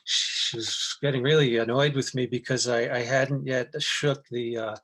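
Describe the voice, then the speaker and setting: A middle-aged man in loose, rambling conversation, circling his point through stops, restarts and plenty of fillers. His voice sits at an ordinary pitch for a man, neither high nor low. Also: fairly even intonation, unhurried, fairly bright tone. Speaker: guest actor. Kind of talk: casual chat.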